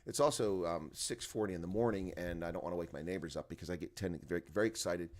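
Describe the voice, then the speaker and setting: A man's voice: low voice, fast talker, a little mellow. A man hosting an early-morning rugby live stream from home, rambling to his chat viewers and sounding tired and groggy at his desk microphone. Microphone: desk microphone, volume turned up.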